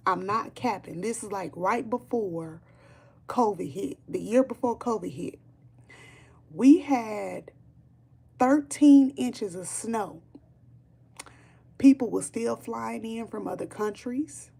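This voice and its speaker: Woman, gravelly fry, casual livestream chat, emphatic, repeats herself, swears. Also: medium pitch, takes it slowly, pauses often, a little mellow. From Chicago, Illinois. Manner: emphatic, repetitive, swearing freely. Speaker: streamer chatting with viewers.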